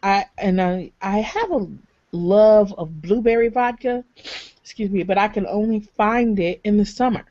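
A woman in her thirties co-hosting a casual gaming podcast, chatty and quick to laugh, with plenty of ums. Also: mid-range voice, dark tone, no echo. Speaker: podcast co-host. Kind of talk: casual chat. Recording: slightly dull lo-fi call audio.

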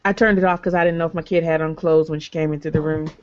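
A woman in her thirties co-hosting a casual gaming podcast, chatty and quick to laugh, with plenty of ums. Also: deep voice, fairly even intonation, a little hiss or hum. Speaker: podcast co-host. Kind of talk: casual chat. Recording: slightly dull lo-fi call audio.

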